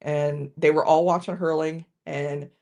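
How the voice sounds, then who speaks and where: A woman's voice: low-pitched, flat delivery, a little slow, vocal fry, a little mellow. A woman hosting a casual live-stream whiskey tasting, chatting with viewers and often restarting her sentences.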